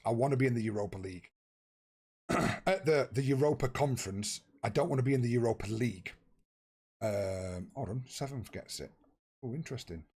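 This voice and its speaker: A young man with a husky voice, chatting casually and swearing freely with his viewers while he plays a football management game. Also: fairly low pitch, a little mellow. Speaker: streamer. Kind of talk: casual live-stream chat.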